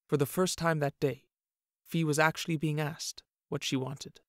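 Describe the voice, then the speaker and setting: A man's voice: fairly high pitch, fairly even intonation, normal speed, no echo, studio quality. Man reading a fantasy audiobook. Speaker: narrator. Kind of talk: audiobook narration.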